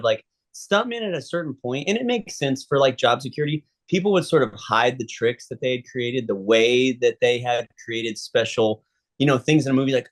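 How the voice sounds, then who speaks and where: A man, a stuntman guest, telling a long story in a casual interview and acting out the people in it. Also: mid-range voice. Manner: animated storyteller, acts out quoted people.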